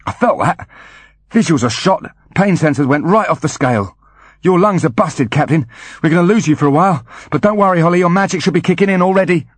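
A man voicing a fussy male tech advisor, chattering urgently in a high voice. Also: animated, fairly quick, breathy edge, no room sound.

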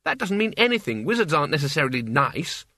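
A brisk, sharp-tongued young woman, put on by a male narrator speaks in a raised, clipped voice. She sounds quick to snap and always sure of herself. The recording is dry and close. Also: a little high, very animated, no echo, voice pushed up, full character voice. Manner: brisk and snappish.

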